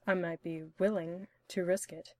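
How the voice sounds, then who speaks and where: A woman voicing a refined, dryly witty male doctor in a spoken story reading, in a measured, formal manner. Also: fairly low pitch, little pitch movement, close to an everyday voice. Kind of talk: audiobook-style story reading.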